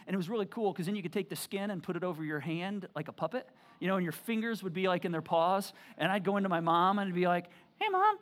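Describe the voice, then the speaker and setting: A male pastor giving a sermon in church, talking in a casual, animated way with many restarts. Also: high-pitched. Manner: conversational, animated, frequent restarts and fillers.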